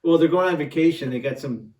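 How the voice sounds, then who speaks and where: A man's voice: on the high side, quick pace, a little mellow, recorded from a distance. A middle-aged man co-hosting a podcast in casual chat, easygoing, with dry short replies. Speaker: podcast co-host, husband. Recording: roomy, away from the mic.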